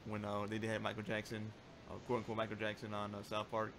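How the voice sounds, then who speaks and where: A man's voice: on the low side, completely flat delivery, fast, noisy background. A man chatting casually on a live stream in a joking, goofy way.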